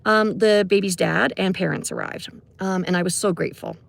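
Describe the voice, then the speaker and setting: A woman's voice: medium pitch, steady tone, fairly quick, gravelly. A middle-aged woman, a music teacher telling a personal story in a casual, conversational way, full of fillers and asides. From Canada.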